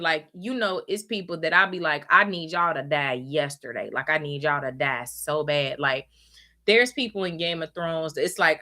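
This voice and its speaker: Brief: woman host, bright voice, blunt profane rant. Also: on the low side. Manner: blunt, profane, emphatic ranting. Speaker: podcast host. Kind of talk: casual chat.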